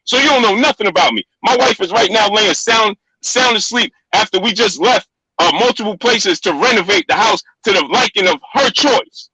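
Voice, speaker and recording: A man's voice: high voice, normal speed, sharp tone, husky, no room sound, low-quality recording. A middle-aged man arguing on a live stream, insistent and repetitive, talking over the other speaker. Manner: insistent, repeats himself, talks over others. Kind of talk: heated live-stream argument.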